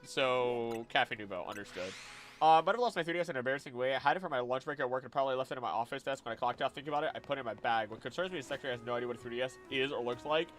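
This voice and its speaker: A young man chatting casually with his live-stream audience, animated and exclaiming, laughing often. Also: mid-range voice, racing.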